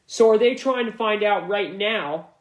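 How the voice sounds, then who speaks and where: A man's voice: high-pitched, measured pace. A man hosts a sports podcast on his own, and his voice carries a noticeable room echo. He talks in a loose, slangy way and drives home his points by repeating them for emphasis. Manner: casual and conversational, with slang. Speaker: podcast host. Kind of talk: solo sports analysis podcast.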